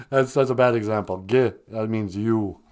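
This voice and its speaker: A man hosting a morning radio show, explaining words in an easygoing, teasing way, often trailing off into low, soft asides. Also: unhurried. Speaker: radio host teaching Ojibwe words. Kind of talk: joking morning radio chat.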